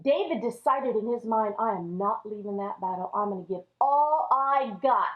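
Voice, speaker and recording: A woman teaching a children's Sunday school lesson, telling the story in an animated way and addressing the kids as friends. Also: medium pitch, normal speed. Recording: echoey room, dull lo-fi audio.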